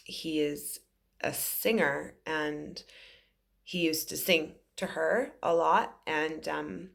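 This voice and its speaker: A woman's voice: low voice, slow, creaky, a bit bright. A woman in her forties, a psychic medium, telling an emotional story to camera in an earnest, rambling way with many fillers. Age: 40s.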